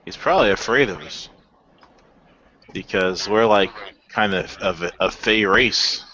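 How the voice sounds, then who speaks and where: A man's voice: on the low side, a little slow, sharp tone. A man playing in a tabletop game, laid-back and blunt, swearing casually. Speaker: player. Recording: lo-fi recording with clear hiss.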